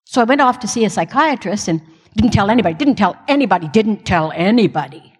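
A woman's voice: medium pitch, fast, husky. Middle-aged woman sharing a self-mocking testimony, hall echo. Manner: candid, self-mocking, animated storyteller. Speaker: pastor's wife speaking to a congregation. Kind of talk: personal testimony talk. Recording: long hall reverb.

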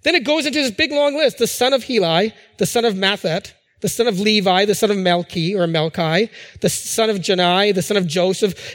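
A man's voice: high-pitched, normal speed. A middle-aged man preaching a sermon, talking conversationally with fillers and restarts. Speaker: pastor. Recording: long hall reverb.

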